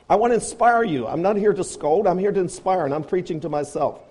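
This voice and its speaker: A man preaching a sermon, firing rhetorical questions and swinging between loud appeals and quiet, low asides. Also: lively intonation, moderate pace, slightly rough. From grew up on a farm.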